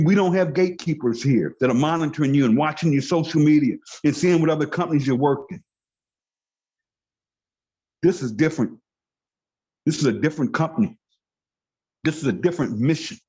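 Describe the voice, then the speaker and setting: Brief: fired-up man preaching to a team, slightly high voice, muffled call audio. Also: a little mellow. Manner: passionate, preachy. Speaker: network marketing leader. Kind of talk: motivational call speech.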